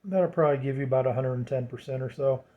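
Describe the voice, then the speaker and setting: A man's voice: mid-range voice, quick pace, phone-quality sound. A man giving a casual how-to tutorial on setting up a radio. He rambles, repeats words and leans on fillers as he talks through the steps at home. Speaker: radio hobbyist explaining setup.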